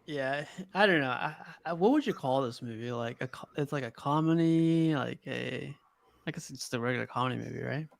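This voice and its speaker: A man's voice: mid-range voice, brisk, gravelly. A man hosting a casual podcast about a comedy movie, easygoing and laughing along while reading out listener comments.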